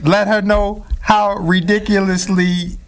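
Playful, wordy male co-host with a slightly high voice. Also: flat delivery, takes it slowly. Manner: playful, wordy, fond of elaborate phrasing. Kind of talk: casual talk.

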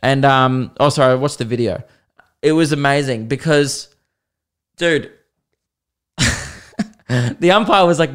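A man's voice: medium pitch, a little slow, pauses often, clear, resonant tone. A man with an Australian accent, a comedian hosting his own podcast, rambling through jokey stories and swearing freely. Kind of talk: casual solo podcast monologue.

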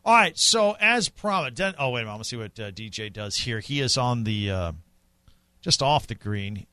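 A man's voice: medium pitch, lively intonation, normal speed, pushed and bright, no echo. A young man co-hosting a radio show, chatting casually and teasing while calling golf shots in passing. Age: young adult. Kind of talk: casual sports radio chat.

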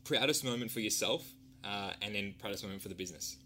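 Bright-voiced man firing quick interview questions. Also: fairly low pitch. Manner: friendly, energetic, playful. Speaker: podcast host, interviewer. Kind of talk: casual interview, rapid-fire questions.

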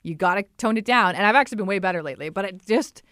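A young adult woman co-hosts a podcast, talking very fast in a mid-range voice over dry, clean studio sound. Candid and animated in casual chat, she quotes people in playful voices.

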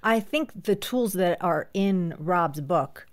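Female guest, lower pitch, calm measured conversational delivery. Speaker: podcast guest, pastor's wife. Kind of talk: casual conversation.

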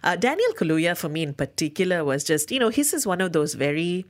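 A woman's voice: on the low side, big pitch swings, brisk. A woman co-hosting a radio film review show, talking in an enthusiastic, gushing way. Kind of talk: casual film review chat.

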